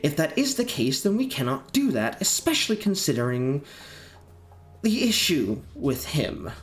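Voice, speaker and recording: A man's voice: fairly high pitch, very animated, a little slow, voice pushed up. A man voicing an older woman official who speaks in a firm, lecturing tone. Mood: stern.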